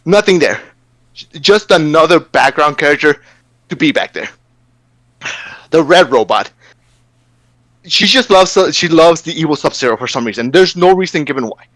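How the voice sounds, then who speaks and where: A man in a casual, profane rant, animated and stammering through his complaints. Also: a little high, moderate pace, long pauses, no room sound.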